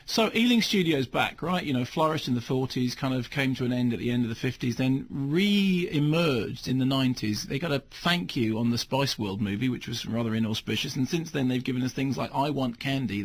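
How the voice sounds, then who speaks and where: A male film critic giving a rambling, sardonic spoken review. His husky voice sits at an ordinary middle pitch, and he keeps stopping to correct himself mid-sentence. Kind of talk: casual radio film review.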